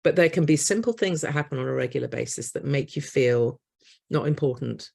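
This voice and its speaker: A woman's voice: rumbling low, brisk, gravelly, breathy edge. A woman, a therapist giving a storytelling workshop talk and acting out little scenes as she goes. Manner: warm storyteller acting out voices of parents and children.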